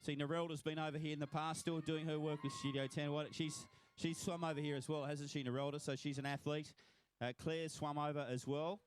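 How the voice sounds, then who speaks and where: A man's voice: a little high, little pitch movement, a little fast. Cheery Australian man commentating a finish. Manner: cheery, congratulating swimmers by name. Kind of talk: live event commentary.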